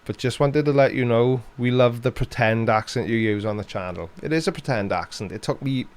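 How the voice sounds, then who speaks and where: A man's voice: medium pitch, a little fast, a little mellow, clean tone. A man with a Welsh accent hosting a casual live-stream Q&A, reading out chat questions and answering with dry, sarcastic humour.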